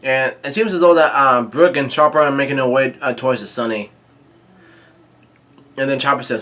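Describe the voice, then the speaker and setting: A man casually reading a comic chapter aloud, quoting lines and adding his own quick asides. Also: mid-range voice, sharp tone. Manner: reads quoted lines aloud with brief reactions and asides, many fillers. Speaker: manga reading commentator.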